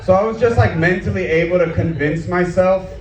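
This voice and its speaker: A man's voice: sits high, a little fast, a little mellow. A male stand-up comedian doing an outdoor set, chatty and crude, trading questions with the crowd. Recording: echoey, distant, dull sound with faint background noise.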